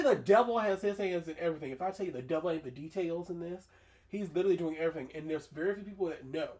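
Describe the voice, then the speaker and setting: A man with a fairly high voice hosts a casual chat. He rants in an animated, opinionated way, full of slang and asides. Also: low-quality recording. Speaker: podcast host.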